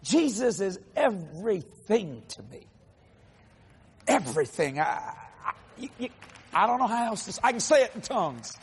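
Husky, high-voiced preacher man in his sixties. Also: normal speed, long reverb tail. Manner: animated storytelling, acts out quotes. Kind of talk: sermon testimony.

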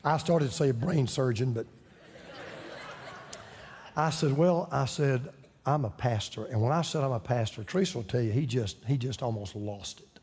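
A man's voice: mid-range voice, a little mellow, husky, in a large hall. A man, a pastor, telling a story in his sermon and building to fervent preaching.

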